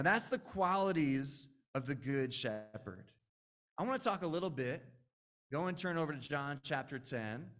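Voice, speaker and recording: A man's voice: high voice, fairly bright tone. A man in his late twenties preaching a sermon in a conversational, earnest way, with frequent asides to the audience. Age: 20s.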